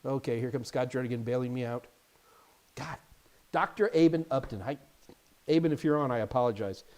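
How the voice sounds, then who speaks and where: A man hosting a casual live Q&A stream as an IT certification instructor, chatty and animated, with jokey asides. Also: medium pitch, a little fast.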